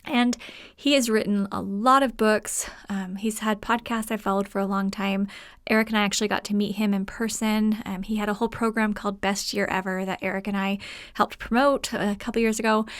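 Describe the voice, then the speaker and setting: A woman's voice: mid-range voice, no echo, clean studio sound. A woman hosting her own podcast alone from a room at home, chatting casually with many fillers and frequent laughter. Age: adult mother. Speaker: podcast host. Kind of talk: solo podcast talk.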